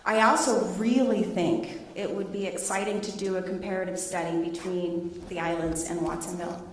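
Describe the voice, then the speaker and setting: A middle-aged woman, a teacher, presenting her research to students and taking questions in a lively, laughing way. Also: on the low side, normal speed, a little hiss or hum. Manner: animated, laughing storyteller. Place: large echoey hall. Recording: echoey hall, voice from a distance.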